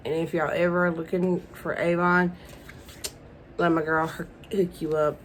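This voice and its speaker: A woman's voice: medium pitch, slight background noise, rough recording. A young woman unboxing beauty products in a casual vlog, gushing and emotional and calling her viewers "y'all". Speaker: beauty vlogger.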